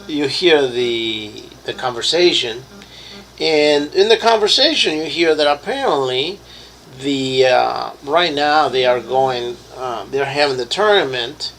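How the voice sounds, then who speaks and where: Slow, gravelly game master. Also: male voice, mid-range voice, animated, fairly bright tone, a little hiss or hum, poor audio. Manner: halting, searching for words with many fillers. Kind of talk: narrating a tabletop game.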